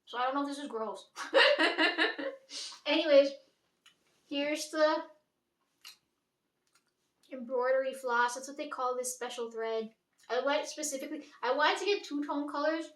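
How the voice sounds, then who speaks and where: A young woman with a bright, high voice chats loosely to the camera in a daily vlog, wandering from one thought to the next and swearing casually. She sounds a little far from the mic, in a room with a noticeable echo. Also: a little slow, long pauses. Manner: rambling, chatty, swears casually, frequent "like". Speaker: vlogger. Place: room at home. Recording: echoey room, mic at a distance.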